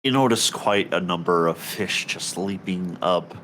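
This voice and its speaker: A man acting as game master, narrating a tabletop game in a relaxed, halting way, often chuckling. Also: sits low, slight background noise, poor audio.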